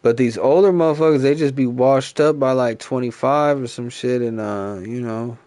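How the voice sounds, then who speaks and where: This thirty-something gaming streamer rambles through a casual rant on a headset mic, swearing, using slang and leaning on the same fillers again and again. His pitch is mid-range with a darkish tone and normal pace, and the recording has no room sound.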